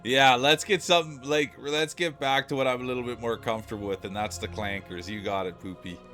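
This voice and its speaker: A man's voice: medium pitch, steady tone, a little fast, sharp tone, faint music behind. A man livestreaming, talking casually and playfully with his chat, laughing often.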